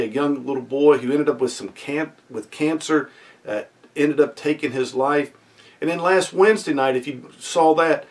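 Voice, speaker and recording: A man preaching a midweek sermon as pastor, earnest and emphatic, often putting questions to his listeners. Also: fairly high pitch. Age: adult student.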